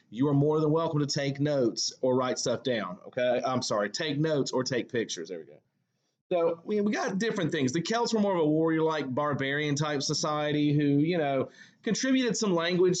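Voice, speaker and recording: A male English teacher with a Southern US accent giving a recorded lecture. He talks in a conversational way, full of fillers and self-corrections. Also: medium pitch. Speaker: high school English teacher.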